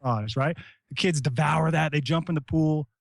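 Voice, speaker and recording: Animated, profane American man telling war stories. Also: on the high side, fairly quick, gravelly, dry recording, clean studio sound. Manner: animated, profane, shouts out quoted lines. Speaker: guest, retired Army Ranger. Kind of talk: casual storytelling.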